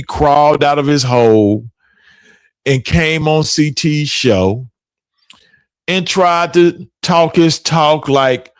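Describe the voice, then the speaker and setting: Middle-aged male podcast host, lively storyteller with a fairly high voice who laughs a lot, dry close sound. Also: no room sound. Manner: animated, laughs often while telling stories. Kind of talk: casual storytelling chat.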